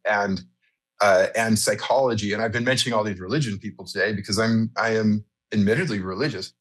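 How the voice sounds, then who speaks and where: A man's voice: lowish voice, a little fast. A man being interviewed as a guest, speaking reflectively in long, thoughtful explanations. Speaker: church founder, podcast guest. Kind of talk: conversational interview.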